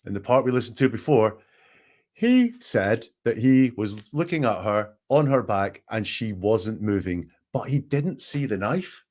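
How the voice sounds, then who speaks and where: A man hosting, analyzing a recorded call with emphatic, questioning commentary. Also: medium pitch. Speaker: statement analyst host.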